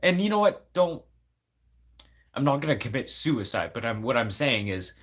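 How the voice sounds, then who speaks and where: A man's voice: medium pitch, big pitch swings, moderate pace, a bit bright. A man, crying and venting in an angry, profane, rambling livestream rant. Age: 40s.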